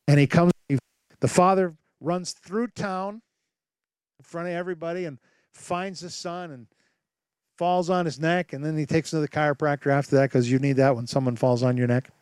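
A man preaching a sermon as pastor, telling stories with lively acted-out voices and asking rhetorical questions. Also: on the high side, normal speed, smooth, no room sound. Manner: animated storytelling with rhetorical questions; acts out voices and sounds in his stories.

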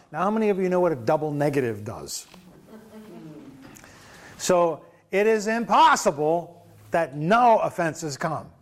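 A man's voice: a little high, a little mellow. A man preaching a sermon as pastor, in a conversational way, often chuckling and restarting his sentences.

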